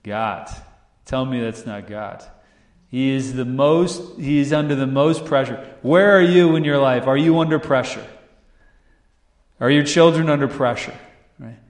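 Pastor, man, animated storyteller with rhetorical questions, roomy church sound. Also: medium pitch, a little slow. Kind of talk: sermon. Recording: echoey room.

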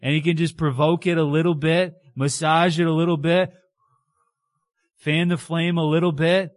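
A man preaches in a lively, conversational way, checking in with his listeners often. His voice sits fairly high. The sound is dry and close. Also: moderate pace, dry recording. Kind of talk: sermon.

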